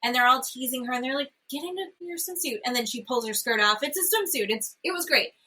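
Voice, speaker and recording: A woman's voice: a little high, animated, fast, bright, forceful tone, rough recording. A woman co-hosting a podcast, chatting casually and retelling scenes with quoted voices. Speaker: podcast co-host. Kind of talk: casual chat recapping a reality show.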